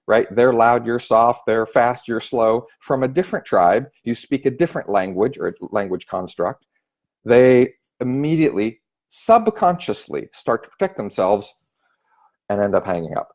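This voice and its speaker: A man giving a sales training talk, animated and acting out phone voices as he explains. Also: medium pitch. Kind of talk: spoken training tip.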